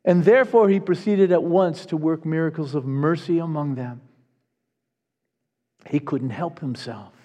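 A man's voice: fairly high pitch, a little slow, pauses often, dark tone. A man preaching an earnest, emphatic sermon as pastor, often repeating words as he presses a point. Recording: long reverb of a large hall.

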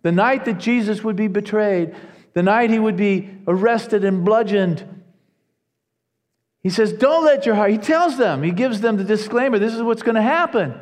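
High-voiced man preaching in a reverberant hall. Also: normal speed. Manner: earnest, animated preaching with repeated restarts. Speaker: pastor. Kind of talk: sermon.

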